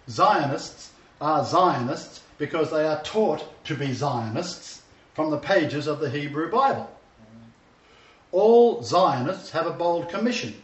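Man, preacher, sermon, emphatic, repeats phrases, echoey room, distant mic. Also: on the high side. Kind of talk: sermon lecture. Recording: distant, roomy, dull sound.

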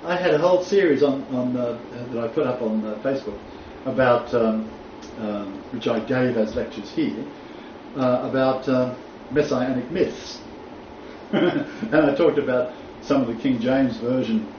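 A man's voice: medium pitch, a little slow. Blunt joking man lecturing. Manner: blunt, joking, laughs often, animated. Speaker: Bible teacher lecturing a class. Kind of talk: informal lecture. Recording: echoey room from far off, dull, faint noise.

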